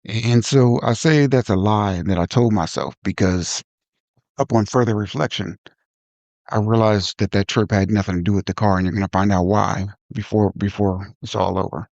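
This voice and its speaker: A man hosting a podcast, telling a personal story in a reflective, halting way with frequent restarts. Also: fairly low pitch, creaky, darkish tone, no echo. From Ohio. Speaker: podcast host.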